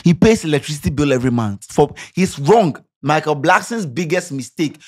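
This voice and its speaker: A man's voice: fairly high pitch, expressive, brisk, a little mellow. A Ghanaian man giving passionate, sarcastic social commentary, firing off rhetorical questions. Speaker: commentary vlogger.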